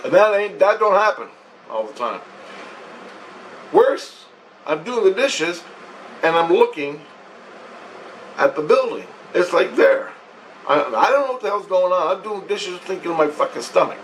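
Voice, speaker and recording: A man telling a rambling personal story at home, profane and excited, acting out what he and others said. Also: sits high, unhurried, long pauses, recorded from a distance, a little hiss or hum, poor audio. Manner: profane, excited, quotes himself and others animatedly.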